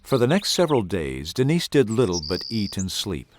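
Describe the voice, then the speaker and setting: A man narrating a children's audiobook in an expressive, dramatic manner. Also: on the low side, normal speed, slight background noise. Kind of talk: scripted storybook narration.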